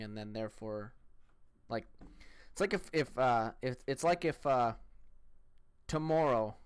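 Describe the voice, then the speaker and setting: Man, reaction commentator, swears a lot, rambling, smooth clear voice, dry close sound. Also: a little high, no room sound. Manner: profane, rambling, animated. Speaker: commentator reacting to a debate clip.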